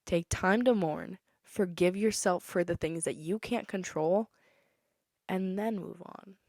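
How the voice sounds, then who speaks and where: A woman's voice: on the low side, a little slow, darkish tone, no echo, clean studio sound. A young woman, possibly a teenager, hosting a casual solo podcast, chatty and opinionated, sometimes breaking into song. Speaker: podcast host.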